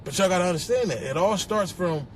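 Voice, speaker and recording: A man with a Philadelphia accent ranting on a phone livestream, animated and profane, mocking people in a put-on voice. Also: high voice, fast. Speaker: social media personality. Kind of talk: livestream rant. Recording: phone livestream with faint background noise.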